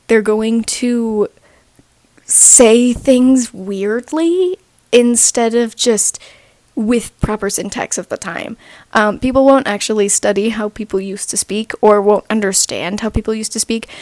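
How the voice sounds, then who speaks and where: Brief: young woman, casual rambling writing rant, slightly raised pitch, dry close sound. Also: darkish tone, no echo. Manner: chatty, rambling, frequent "like" asides. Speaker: writing video creator. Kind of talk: loose casual rant-lecture.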